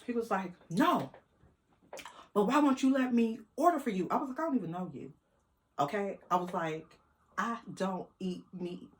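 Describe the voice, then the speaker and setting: Woman vlogger, lively storyteller, mid-pitched voice. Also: normal speed. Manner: animated, quotes people in voices, laughs. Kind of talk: casual storytelling.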